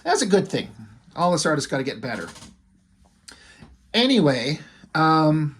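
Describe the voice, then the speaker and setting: A man's voice: fairly high pitch, big pitch swings, measured pace, fairly bright tone, slightly rough. A man who reviews comics and draws, retelling a story in a rambling, casual way full of fillers. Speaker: comic book reviewer and artist.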